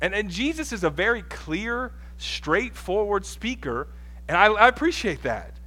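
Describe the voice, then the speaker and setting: A man's voice: high-pitched, big pitch swings, a little slow, bright, forceful tone. A man in his thirties preaching a sermon in a casual, conversational way, with personal stories and asides. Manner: conversational, self-deprecating preaching with asides and laughs. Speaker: pastor.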